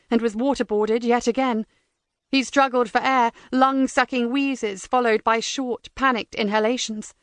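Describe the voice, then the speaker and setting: A woman narrates a crime audiobook in a measured, tense manner. Her voice sits a little high and is recorded close on a dry studio mic. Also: smooth, dry recording. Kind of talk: scripted narration.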